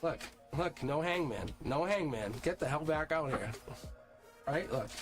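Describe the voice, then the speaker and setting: A man's voice: on the high side, animated, measured pace. Chatty man reading tarot over music. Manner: chatty and upbeat, laughs often, talks straight to viewers in the chat. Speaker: tarot reader hosting a live stream. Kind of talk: casual live-stream tarot reading. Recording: music playing underneath. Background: music playing.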